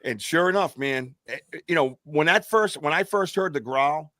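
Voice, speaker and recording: A man's voice: on the high side, normal speed, pushed and bright, no room sound, clean studio sound. A man co-hosting a podcast, telling a long personal story in a rambling way, full of fillers and restarts. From United States. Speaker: podcast co-host. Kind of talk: casual storytelling.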